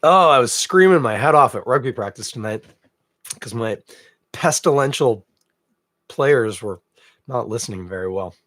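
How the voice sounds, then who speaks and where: A man's voice: medium pitch, expressive, normal speed, pauses often, fairly bright tone, no room sound. A man with a stuffy, snuffly cold hosting a casual live beer-tasting podcast, chatty and self-deprecating with rambling asides. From Canada. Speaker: podcast host.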